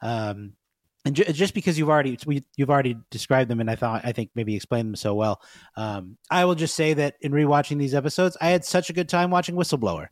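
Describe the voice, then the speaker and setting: A man's voice: mid-range voice, animated, quick pace, dry recording, clean studio sound. Reflective man chatting on a podcast. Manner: reflective, laughs easily. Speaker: podcast co-host. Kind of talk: casual chat.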